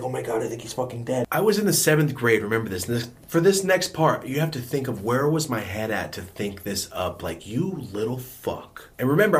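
A man telling a story from his school days in a casual, profane monologue, acting out scenes with sudden whispers and outbursts. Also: mid-range voice. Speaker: storytelling vlogger.

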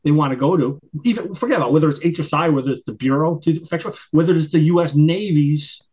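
Older guy, husky voice a bit high, rambles n restarts, gets squeaky when fired up. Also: fast talker, a little mellow. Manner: rambling with many restarts, rising in pitch when worked up. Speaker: guest, retired FBI agent and attorney. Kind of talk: conversational interview.

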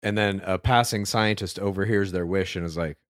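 A man co-hosting a comedy podcast, riffing in a laid-back, deadpan way. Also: low voice, fairly quick, no room sound, studio quality. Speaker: podcast co-host. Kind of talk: casual comedic banter.

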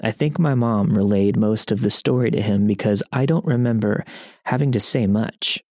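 A man narrating first-person stories as scripted narration, even and matter-of-fact. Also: on the low side, normal speed, no room sound, clean studio sound. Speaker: story narrator.

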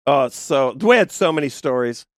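Heard in clean studio sound with no echo and at an ordinary pace, the man is a podcast co-host recounting an outrageous story offhandedly. Profane and lively, he keeps laughing at his own narration and impersonates the quoted people with sudden, high yelps.

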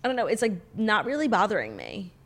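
A woman's voice: mid-range voice, huge pitch swings, fast, a bit bright. A young woman co-hosting a podcast, chatting casually and playfully with lots of filler words. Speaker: podcast co-host. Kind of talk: casual chat.

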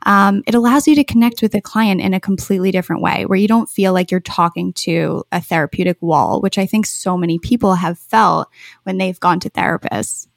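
Gravelly-voiced woman therapist, casual. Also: medium pitch, steady tone, fairly quick, dry recording, clean studio sound. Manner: earnest, explains thoughtfully with casual swearing. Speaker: therapist, podcast guest. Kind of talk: casual chat.

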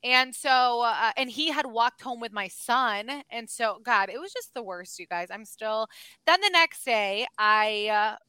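A woman in her thirties, a podcast co-host telling stories in casual chat, animated, filling her talk with "like" and "oh my gosh". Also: a little high, a little slow, smooth, no room sound, low-quality recording. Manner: animated storyteller, lots of "like" and "oh my gosh".

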